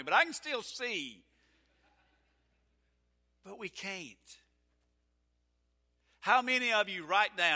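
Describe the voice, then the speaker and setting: Bright-voiced pastor preaching in a large hall. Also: male voice, fairly high pitch. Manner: storytelling, conversational preaching with frequent restarts. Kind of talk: sermon. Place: church sanctuary.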